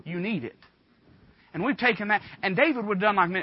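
A man preaching a sermon, telling folksy stories and building up to loud, fervent preaching. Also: high-pitched, a little fast, husky, lo-fi sound.

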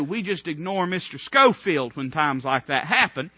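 Male preacher, high-pitched and emphatic, dull dry lo-fi sound. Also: expressive, moderate pace, breathy edge, dry recording. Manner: emphatic, rising in bursts of repeated phrases. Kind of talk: sermon.

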